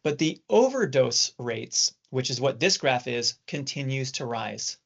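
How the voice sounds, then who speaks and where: Male surgeon, middle-aged, measured teaching lecture, mid-pitched voice, muffled audio. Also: sing-song, vocal fry. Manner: measured, explanatory. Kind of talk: recorded training talk for nurses. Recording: dull lo-fi recording.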